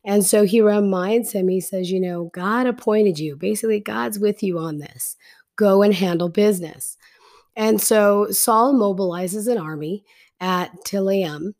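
A woman's voice: mid-range voice, a little slow, a little mellow. A woman teaching a Bible story in a casual, chatty way, retelling scripture in slangy everyday speech.

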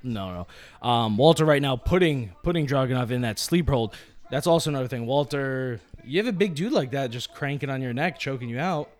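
A man's voice: medium pitch, a little fast. Guy cohosting a podcast, casual chat, gets hyped doing play by play on a match. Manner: excited, jumps into play-by-play commentary. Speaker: podcast co-host. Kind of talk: casual live-reaction chat.

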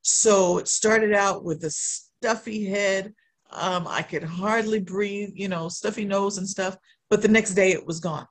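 A woman shares a personal testimony in sermon style. She tells the story in an animated way and leans on repeated refrains to drive her points home. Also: mid-range voice, unhurried.

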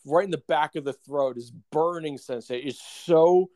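A podcast co-host with a fairly high but dark-toned voice tells a long story at a moderate pace in casual chat. His talk is full of fillers and laughs, and the recording has no echo.

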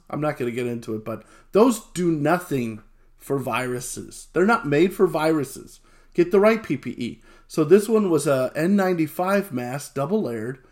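A man telling a lively personal anecdote, acting out what people said and laughing along the way. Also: a little high. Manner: animated storyteller who acts out quotes and laughs often.

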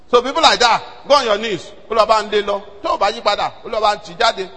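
A Nigerian pastor preaches in a very high, bright and forceful voice with a husky edge. He drops to near whispers and then bursts into shouts as he tells his story. His voice rings out with the long echo of a hall. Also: very fast, few pauses. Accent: Nigerian, Yoruba-speaking. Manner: animated storytelling, swings between hushed and shouting. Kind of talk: sermon.

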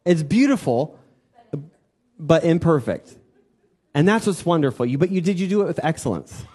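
Higher-voiced man giving a conversational sermon. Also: animated, normal speed, warm tone, slightly rough. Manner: conversational, repeats words for emphasis, quizzes listeners. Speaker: church teacher. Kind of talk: informal sermon with audience questions.

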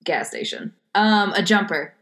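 An American woman with a medium-pitched, fairly bright voice chats casually and unhurriedly as quiz giver in a word game. She teasingly quizzes a friend on slang and offers example sentences.

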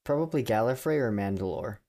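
Giggly podcast host with lively pitch. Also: female voice, brisk. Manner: giggly, asks the group questions. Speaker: podcast host asking questions. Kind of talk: casual chat.

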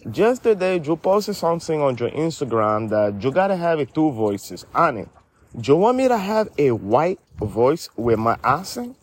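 A man doing a brash, streetwise loudmouth with a Spanish-inflected accent, swinging wildly up and down in pitch as he rambles. The voice has a husky edge, and he calls everyone honey in a comedy sketch. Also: big pitch swings, moderate pace. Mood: scolding. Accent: Spanish-inflected English. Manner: rambling, streetwise slang, theatrical outbursts.

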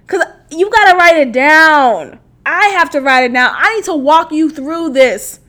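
A woman podcast host chats casually in a high, slightly slow voice. She's animated and profane, laughing often and swinging between loud outbursts and quiet asides.

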